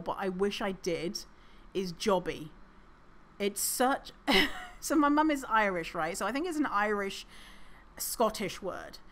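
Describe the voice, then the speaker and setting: A woman's voice: mid-range voice, a bit bright. Sarcastic woman podcast host. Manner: sarcastic, swears freely, reads reviews aloud mockingly; laughs often, chatty with many fillers. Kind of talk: casual solo podcast commentary.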